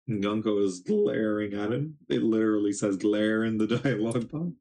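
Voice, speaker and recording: A man's voice: fairly low pitch, moderate pace, mellow. A young man casually reading and recapping a comic, rambling with many ums and little laughs. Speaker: manga reaction streamer.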